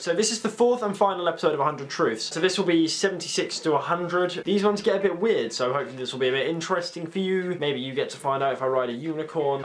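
A young man from the UK in a casual vlog, reading out questions and answering them quickly with offhand jokes. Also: medium pitch, fairly bright tone. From United Kingdom. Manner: joking, offhand, reads questions aloud then answers quickly. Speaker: YouTuber.

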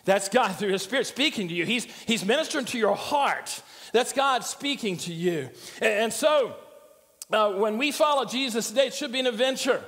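A man's voice: high-pitched, expressive, brisk, fairly bright tone. An older man preaching a sermon as pastor, conversational and joking as he tells stories. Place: church sanctuary. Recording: church hall reverb.

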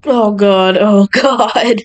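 A woman's voice: mid-range voice, extremely slow, poor audio. A young woman playing a horror game for her channel, nervous and jumpy as she talks to her viewers. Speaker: gaming channel host. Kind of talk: horror game let's play commentary.

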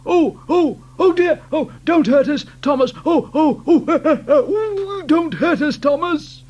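A man doing groany, creaky silly trucks. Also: very high voice, lively intonation, slow pace, darkish tone, highs cut off, voice pushed up, heavily acted. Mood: pleading. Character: silly whining freight trucks.

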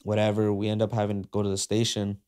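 A man's voice: on the low side, completely flat delivery, quick pace, darkish tone. A man, a podcast guest, retelling a story in slangy casual speech, full of "like" and "uh", acting out the quoted dialogue. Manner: frequent fillers like "like" and "uh".

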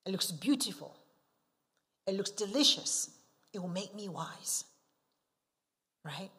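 Slow-preaching woman missionary. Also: medium pitch, animated. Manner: asks the listeners frequent rhetorical questions; emphatic, swinging from soft asides to forceful stresses. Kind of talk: sermon.

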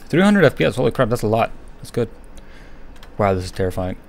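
Young guy streaming a scary game, lowish voice, nervous and jumpy, keeps whispering, faint hum behind. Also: sing-song, fast, vocal fry. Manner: jumpy, nervous running commentary; often drops to a whisper. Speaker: gaming streamer. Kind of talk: horror game commentary.

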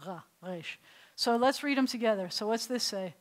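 A middle-aged woman rabbi teaching a beginners' Hebrew class, patient and playful, slowly sounding out syllables for students. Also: fairly high pitch, poor audio. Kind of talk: classroom language lesson.

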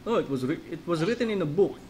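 A man's voice: on the high side, animated, quick pace, darkish tone, a little hiss or hum, low-quality recording. A man giving casual let's-play commentary, rambling between jokey asides.

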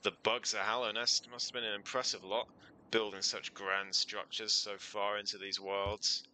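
A man voicing an old male station keeper in a measured, formal storytelling manner. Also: fairly low pitch, little pitch movement, bright, forceful tone, a little hiss or hum, rough recording. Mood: wistful.

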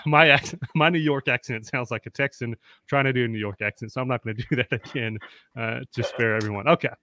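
A man's voice: medium pitch, steady tone, quick pace, pushed and bright, a little hiss or hum. A man hosting a live-streamed panel interview, chatty and upbeat, greeting viewers by name. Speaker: host.

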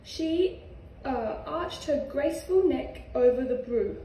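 A young Australian woman reading a children's picture book aloud in a gentle, sing-song way. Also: high voice, lively intonation, takes it slowly, a little hiss or hum. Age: young adult. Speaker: reader, footballer. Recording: echoey room, far from mic.

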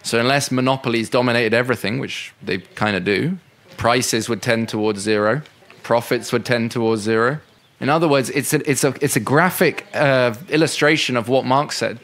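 A man's voice: medium pitch, normal speed, a bit bright. Male speaker, unscripted, conversational, fillers and restarts, mid-range voice. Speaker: speaker at a political education session. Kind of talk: unscripted talk answering questions.

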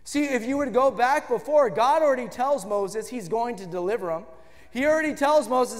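Guy with a really high voice preaching, emphatic, builds to shouting, long echo of a church sanctuary. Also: fairly quick. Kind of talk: sermon. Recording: long reverb of a church hall.

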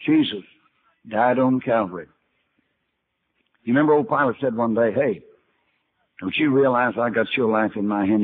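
A man's voice: medium pitch, normal speed, pauses often, husky. An older man preaching a sermon, telling Bible stories in a folksy way and acting out the dialogue himself. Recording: tinny archival sermon recording.

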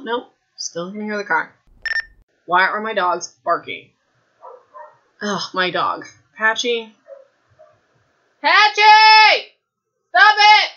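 A woman with a hoarse, raspy throat rambles through a casual podcast from her home. She is chatty and self-mocking and keeps saying "like". Her voice is bright and pointed, and the home recording sounds a little dull. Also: lowish voice. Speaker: podcast host. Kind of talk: casual chat, rambling book summary.

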